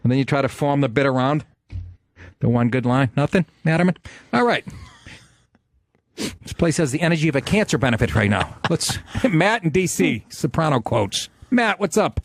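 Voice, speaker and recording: A man's voice: a little high, normal speed, dry recording, clean studio sound. A man hosting a comedy podcast, telling stories in a crude, laughing, casual way. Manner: crude, laughing, animated storytelling. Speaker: podcast host.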